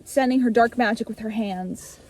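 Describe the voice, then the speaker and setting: Young adult woman, high-ish voice, animated casual storyteller with a loose swearing streak. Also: normal speed. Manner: animated, breezy, swears freely, acts out lines. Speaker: vlogger retelling her childhood story.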